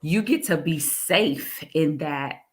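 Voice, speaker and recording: A woman talking in a casual interview, animated, laughing often and repeating her phrases. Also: sits low, takes it slowly. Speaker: guest, executive director.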